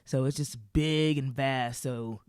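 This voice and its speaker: A woman's voice: a bass voice, steady tone, takes it slowly, darkish tone, smooth, no room sound, clean studio sound. A woman vlogger telling a casual comic story to camera, rambling, swearing casually and laughing often.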